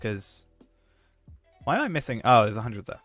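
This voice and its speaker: A man's voice: medium pitch, sing-song, normal speed, a bit bright, dry recording. Joking man streaming a game. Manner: joking, chatty, talks to chat while playing. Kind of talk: casual game stream chat. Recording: faint background music.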